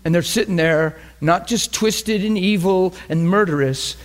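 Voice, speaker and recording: Brief: male preacher, slightly raised pitch, emphatic, conversational teaching. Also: unhurried. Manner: emphatic, conversational, repeats phrases. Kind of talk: sermon teaching.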